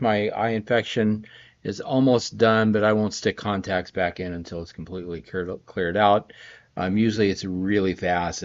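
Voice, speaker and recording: A middle-aged composer streams a scoring session live from his home production studio, sleepy and yawning as he rambles in a friendly way and greets viewers by name. His voice is lowish, and the lo-fi stream audio sounds slightly dull.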